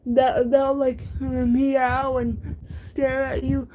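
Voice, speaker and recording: A woman's voice: high voice, monotone, very slow, mellow, rough recording. A young woman chatting casually to her viewers, stammering and restarting her words with frequent giggles. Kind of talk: casual chat.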